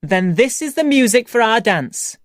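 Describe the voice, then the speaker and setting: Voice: medium pitch, big pitch swings, normal speed, no echo, clean studio sound, voice pushed up, natural voice. A reader voicing a strict but caring female ballet teacher in a graded-reader audiobook, with an insistent, raised delivery. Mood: encouraging. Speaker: dance teacher.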